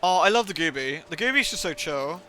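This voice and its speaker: A man's voice: fairly high pitch, animated, a little fast, pushed and bright. A man chatting casually and playfully while live-streaming a game, reacting aloud and thanking viewers. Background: game music.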